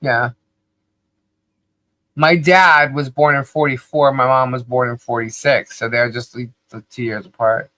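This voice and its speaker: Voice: medium pitch, fairly even intonation, a little slow, bright, forceful tone, no room sound. Podcast co-host, casual chat, laughs a lot, sings snatches of songs, dry close sound.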